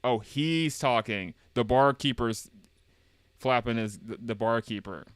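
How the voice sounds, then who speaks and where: A man's voice: mid-range voice, unhurried, smooth, no room sound. A man streaming a game, chatting casually, reading dialogue aloud and joking in a rambling, repetitive way. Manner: rambling and jokey, reads game dialogue aloud and repeats himself.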